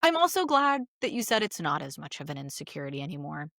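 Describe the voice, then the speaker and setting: A woman therapist co-hosting a podcast in casual chat, telling stories in an animated, expressive way and acting out quotes. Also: deep voice, quick pace, dry recording, studio quality. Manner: animated, expressive storyteller who acts out quotes.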